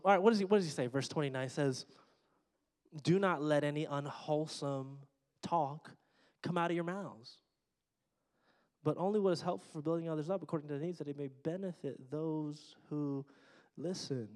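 A middle-aged man preaching a sermon, conversational with joking asides to the congregation. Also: fairly high pitch. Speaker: pastor. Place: church sanctuary. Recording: long hall reverb.

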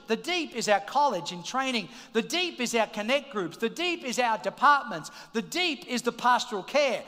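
Middle-aged male pastor, high bright voice, rousing sermon in a reverberant church hall. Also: normal speed, few pauses. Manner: energetic, shouting calls to the congregation. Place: large church auditorium.

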